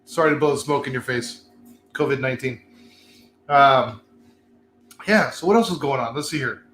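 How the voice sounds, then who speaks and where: A man's voice: mid-range voice, normal speed, fairly bright tone, reverberant, faint music behind. A man hosting a casual chat show from a cigar lounge, rambling, laughing and swearing as he talks. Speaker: host.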